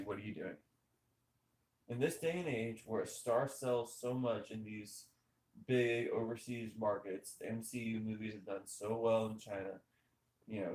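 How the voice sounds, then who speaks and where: Male podcast host, mid pitch, emphatic opinion talk, roomy echo. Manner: animated, emphatic, rhetorical questions. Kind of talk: casual opinionated chat over gameplay. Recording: echoey room.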